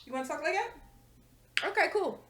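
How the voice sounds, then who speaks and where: A woman's voice: very high-pitched, lively intonation, fairly quick, fairly bright tone. A woman hosting a reaction video, talking in blunt, profane, exasperated rants. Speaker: reaction channel host. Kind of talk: casual reaction commentary.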